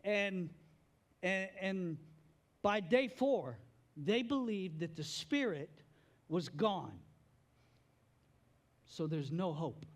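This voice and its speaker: A man, a father, preaching a sermon in a chatty, conversational way, repeating words as he builds each point. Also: sits high. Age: adult father. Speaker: pastor.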